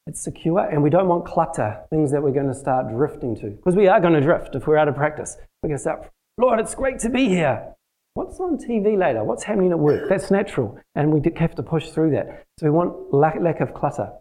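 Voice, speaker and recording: A man's voice: on the high side, warm tone, low-quality recording. A man teaching a church group in a plain, conversational sermon, using practical everyday examples. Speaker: church teacher leading a prayer session.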